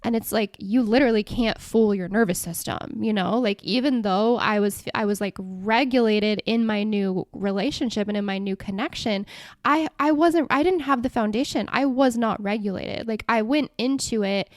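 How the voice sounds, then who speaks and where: A young woman talks through her own podcast in a loose, chatty way. She comes across as enthusiastic and expressive, with frequent "like" fillers. Her voice sits in an ordinary middle pitch and sounds dry, with no room around it. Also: moderate pace, dry recording. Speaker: podcast host. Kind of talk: casual solo podcast talk.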